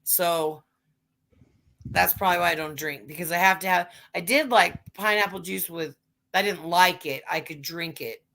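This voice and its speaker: A woman's voice: fairly low pitch, normal speed, creaky, fairly bright tone. A woman hosting a casual livestream chat, telling rambling stories full of swearing. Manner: profane, rambling storytelling. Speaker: livestream host.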